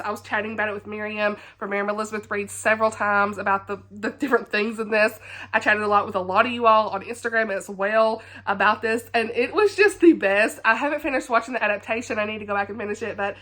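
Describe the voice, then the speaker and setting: Bright, chatty Southern woman. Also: mid-range voice, brisk. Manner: animated, laughing, chatty. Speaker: book vlogger. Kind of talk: casual chat.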